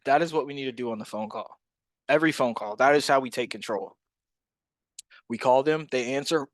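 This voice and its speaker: A man in the middle of the usual pitch range coaches sales calls with a punchy, emphatic drive. He acts out parts of the phone calls as he goes. The sound is dry, with no room around it. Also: a little fast, a bit bright, no room sound. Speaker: real estate wholesaling coach. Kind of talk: energetic sales coaching monologue.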